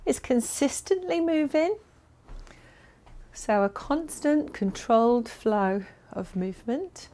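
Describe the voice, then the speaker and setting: A woman's voice: fairly high pitch, expressive, slow pace, dark tone. A woman leading a fitness class, giving upbeat, encouraging and playful instructions. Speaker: exercise instructor.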